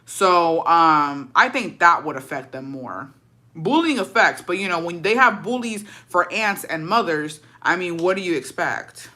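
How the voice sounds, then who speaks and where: A young woman spins a storytime tale in a bright, forceful voice. She curses constantly and slides between English and Spanish. She jumps into the voices of the people she quotes as she goes. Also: fairly low pitch, measured pace. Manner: profane, animated, acts out quoted dialogue; slips into Spanish phrases. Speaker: storytime vlogger. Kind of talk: casual storytelling.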